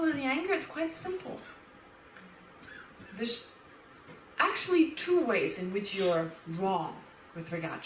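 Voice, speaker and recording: A woman teaching Buddhist philosophy as a lecture, lively and animated, laughing and acting out little quotes as she explains. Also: a little high, a little hiss or hum. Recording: roomy hall, speaker far from the mic.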